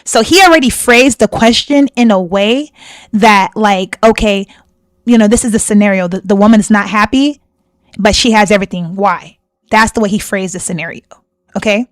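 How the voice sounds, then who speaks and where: A woman's voice: medium pitch, moderate pace, no echo. A woman hosting a reaction video, giving heated commentary in a confrontational, indignant way and repeating her points for emphasis. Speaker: reaction channel host.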